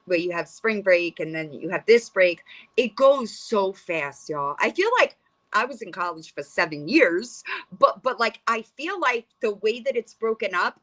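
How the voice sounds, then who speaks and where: In a medium-pitched, sharp-toned voice, a middle-aged livestream host goes on a casual rant. She's blunt and foul-mouthed, rambling along and frequently starting over.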